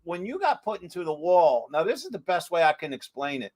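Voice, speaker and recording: A man's voice: fairly high pitch, sing-song, brisk, darkish tone. A man in casual chat, carefully explaining what he saw on a ghost hunt, laughing often. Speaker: paranormal investigator co-host.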